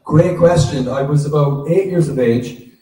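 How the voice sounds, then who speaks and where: A man's voice: a little high, normal speed. A middle-aged man from Ireland with a Cork Irish accent, telling anecdotes as a panel guest at a live convention. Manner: animated storyteller, laughs often. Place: large auditorium. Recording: echoey hall, distant mic.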